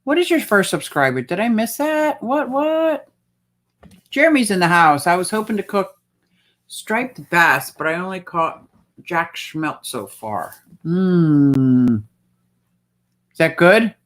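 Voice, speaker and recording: A woman's voice: lowish voice, expressive, measured pace. A woman hosting a casual livestream, chatting and reading out viewer comments. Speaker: livestream host.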